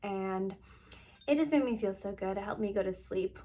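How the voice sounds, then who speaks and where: Young adult woman, casual vlog host, soft and relaxed, heartfelt delivery. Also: medium pitch, normal speed. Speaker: lifestyle vlogger. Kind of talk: casual vlog talk to camera.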